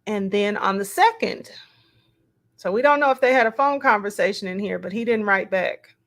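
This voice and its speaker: Her voice sits in the mid range, bright and expressive, as she reads out text messages. Slow and reflective, she voices each quote and drops in casual, musing asides.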